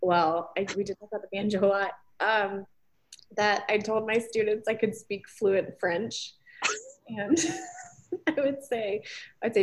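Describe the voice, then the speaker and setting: A woman's voice: medium pitch, a little slow. A young woman co-hosting a podcast, a former teacher, chatting casually with lots of ums and likes and frequent giggles. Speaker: podcast co-host. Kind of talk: casual chat, retelling research.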